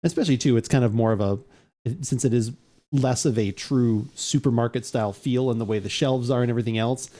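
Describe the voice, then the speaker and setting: A man's voice: medium pitch, brisk. A man co-hosting a live podcast, chatting casually and telling rambling stories full of fillers and restarts. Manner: rambling, many fillers and restarts, animated storytelling. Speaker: podcast co-host. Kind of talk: casual chat.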